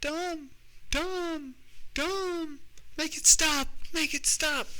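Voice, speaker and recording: A man's voice: fairly even intonation, very slow, pushed and bright, exaggerated voice. A man shrieking as a panicked mother. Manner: shrill, repeated yelps and cries. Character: panicked middle-aged mother shrieking at a window.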